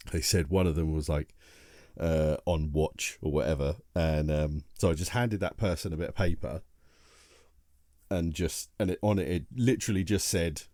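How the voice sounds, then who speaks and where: A man's voice: sits low, warm tone, dry recording, clean studio sound. A tired man, co-hosting a casual podcast chat and telling a rambling story full of restarts. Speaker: podcast co-host.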